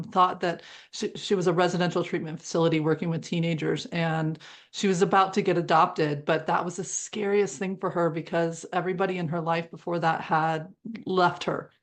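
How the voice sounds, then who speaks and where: A woman speaks as an interview guest, recounting a personal story in an earnest, emotive way. Her voice sits somewhat low. She breaks into short laughs now and then as she tells it. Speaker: guest, horse-assisted therapy practitioner.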